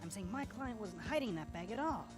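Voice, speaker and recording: Voice actor as a theatrical cartoon defense lawyer. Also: female voice, medium pitch, lively intonation, quick pace, over loud music, lightly acted. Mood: accusing. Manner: theatrical, accusing, dramatic reveals. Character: confident male defense lawyer in cartoon courtroom.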